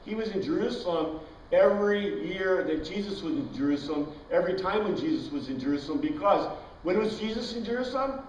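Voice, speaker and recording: A man's voice: sits high, lively intonation, brisk, a little hiss or hum. A man teaching an informal Bible class, chatty, quizzing his students and wandering into tangents. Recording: dull, echoey room recording from far off.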